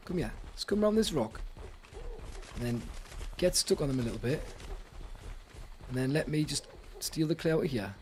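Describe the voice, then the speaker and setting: A young man giving live commentary while he plays a video game, excitable and talking to himself. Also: on the high side, moderate pace, long pauses, a little hiss or hum. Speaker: streamer. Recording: game music in the background. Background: game music.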